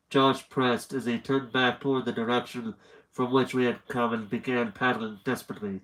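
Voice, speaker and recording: A man's voice: mid-range voice, level tone, moderate pace, fairly bright tone, poor audio. A young man with a slightly nasal voice reads a horror story aloud on a live stream. He wanders off into chatty asides before settling back into the narration. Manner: chatty, rambling asides between story passages.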